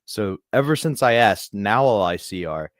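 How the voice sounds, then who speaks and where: Male co-host, lowish voice, dry close sound, deadpan delivery. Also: normal speed, no echo. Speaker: podcast co-host. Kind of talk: casual podcast chat.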